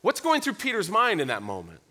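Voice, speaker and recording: High-voiced, bright earnest preacher man. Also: huge pitch swings, a little fast. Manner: earnest, reflective, repeats words. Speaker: pastor. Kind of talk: sermon.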